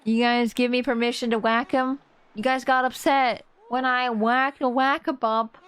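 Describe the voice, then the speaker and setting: A woman's voice: a little high, little pitch movement, normal speed, a bit bright, smooth. A woman streamer chatting casually while she plays a game, rambling and laughing often.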